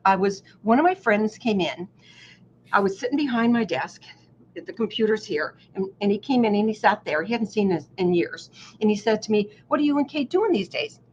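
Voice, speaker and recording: Woman guest, lively self-deprecating storyteller, dull lo-fi line with light hiss. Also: mid-range voice. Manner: animated, self-mocking, acts out voices in her stories. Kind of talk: casual storytelling. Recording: dull lo-fi audio with faint noise.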